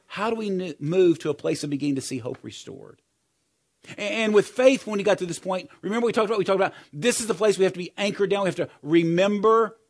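A middle-aged preacher with a fairly high voice who speaks conversationally and shares personal stories. He rises to loud emphasis, then drops to quiet, intimate moments. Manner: conversational, personal storytelling, swings between loud and soft. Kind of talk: sermon.

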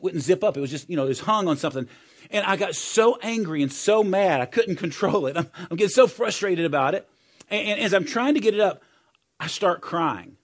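Earnest, conversational middle-aged preacher. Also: male voice, fairly high pitch. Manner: conversational, personal storytelling, swings between loud and soft. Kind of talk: sermon.

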